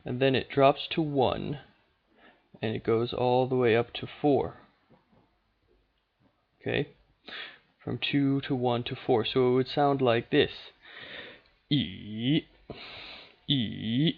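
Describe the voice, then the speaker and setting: A man of middling pitch talks through a lesson in a patient, steady way, pausing often with small fillers. The sound is dull and lo-fi, like an older home video. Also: creaky. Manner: patient, steady, with frequent "okay" and "uh". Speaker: language teacher. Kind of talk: unscripted explanatory lesson.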